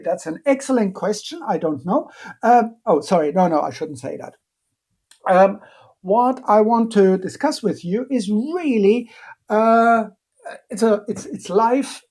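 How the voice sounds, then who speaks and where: A man lectures on biochemistry over a live stream, in an unhurried, dark and mellow voice. He pauses often and fills the gaps with ums and uhs. Every so often he breaks off to answer questions from the chat with a playful aside. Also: high voice. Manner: hesitant, many fillers, playful asides.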